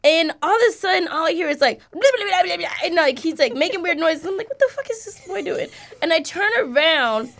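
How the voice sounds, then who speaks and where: A young woman co-hosting a podcast, a mother telling an animated, profane story in casual chat. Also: very high-pitched, fairly quick, few pauses. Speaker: podcast co-host.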